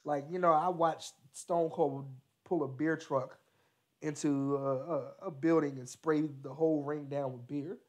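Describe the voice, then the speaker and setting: Young male podcast co-host, chatty and rambling, quick to laugh, fairly high voice. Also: steady tone, darkish tone. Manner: laughs often, rambling with many fillers. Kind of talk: casual wrestling chat.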